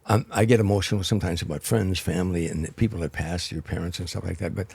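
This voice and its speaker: An older man, a comedian guest on a podcast interview, telling anecdotes as an animated raconteur who restarts and repeats words. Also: sits low, quick pace, vocal fry, slightly rough, dry recording.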